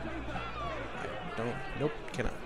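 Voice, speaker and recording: A man's voice: a little high, wildly swooping pitch, extremely slow, over loud music, a loud crowd. A young man doing let's play commentary, joking, laughing often and making crude asides as he plays. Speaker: gameplay commentator. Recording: background noise.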